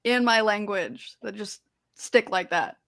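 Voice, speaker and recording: A woman's voice: mid-range voice, measured pace, fairly bright tone. A woman with a slight rural Missouri accent, chatting dryly on a live stream. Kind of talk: casual banter.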